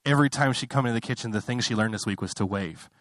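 A man's voice: racing, a bit bright, no echo. A young adult man preaching a sermon, conversational with apologetic asides, rising to impassioned fervor. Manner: conversational, building to impassioned high-pitched fervor; self-interrupting, apologetic asides. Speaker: pastor.

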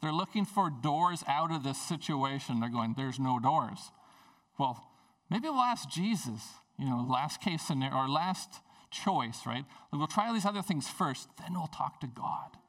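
A man's voice: on the high side, lively intonation, normal speed, fairly bright tone, distant mic. A man, a pastor, preaching a sermon at a church service in a conversational, storytelling way.

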